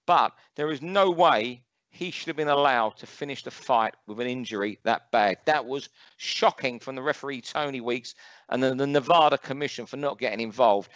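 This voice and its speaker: A man's voice: mid-range voice, fairly bright tone, dry recording, highs cut off. A man with a London accent co-hosting a boxing podcast, reeling off fight records and ranting with strong opinions. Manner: opinionated, ranting, rapid fact-listing. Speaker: boxing pundit co-host. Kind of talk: casual podcast chat.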